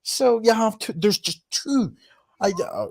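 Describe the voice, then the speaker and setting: A man with a Scottish Highland accent hosting a livestream, talking casually in a sweary, sarcastic, rambling way. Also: lively intonation, unhurried, vocal fry, a little hiss or hum. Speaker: livestream host. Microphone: computer microphone.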